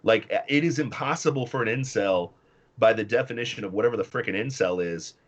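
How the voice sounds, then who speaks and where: A man's voice: on the low side, brisk, lo-fi sound. A man from the US Midwest, a guest on a talk show, ranting bluntly and combatively about politics. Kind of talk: casual political chat.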